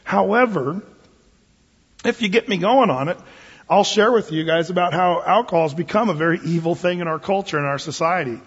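A man's voice: sits high, brisk, a bit bright, husky. A man, a pastor giving a conversational sermon in a folksy, plain-spoken way and often repeating words as he restarts. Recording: long hall reverb, dull lo-fi sound.

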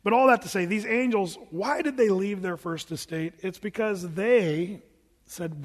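A man's voice: high voice, a little slow, long reverb tail. A man preaching a Bible-teaching sermon in a conversational, plain-spoken way, with casual asides to the congregation. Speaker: pastor.

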